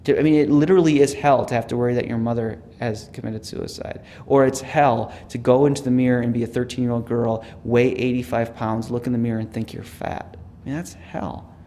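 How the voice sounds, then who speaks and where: A man, a theology professor, giving a reflective teaching talk with personal stories, earnest and dropping to a hush for quoted words. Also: mid-range voice, fairly even intonation, a little fast, few pauses, a little hiss or hum.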